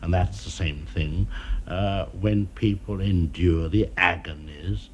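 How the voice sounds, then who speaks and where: A man being interviewed in an archival television conversation, speaking in a measured, dryly witty way, pausing often with "uh". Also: low voice, a little hiss or hum. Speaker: film director being interviewed.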